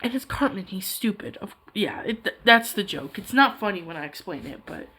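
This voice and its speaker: A woman's voice: mid-range voice, expressive, a little fast, pushed and bright, slight background noise. A young woman chatting casually while she draws, rambling and self-deprecating. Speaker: hobby artist vlogger. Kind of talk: casual chat while drawing.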